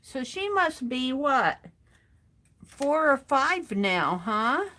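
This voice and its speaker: Middle-aged lady, slow easy pace, crafting on a livestream and reading chat out loud. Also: high voice, very animated. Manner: chatty, greets viewers by name, reads chat aloud. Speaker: art journaling livestream host. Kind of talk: casual chat while crafting.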